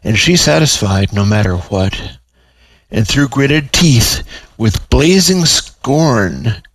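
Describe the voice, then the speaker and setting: A man reading aloud his own story in a measured, even storytelling manner. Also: mid-range voice, a little hiss or hum, low-quality recording.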